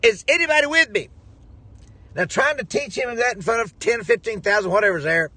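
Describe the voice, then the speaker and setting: Jovial husky preacher. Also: male voice, high voice, lively intonation, brisk, bright, forceful tone, no echo. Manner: jovial, chuckling, rambling. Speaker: preacher and ministry head. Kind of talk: casual storytelling to viewers.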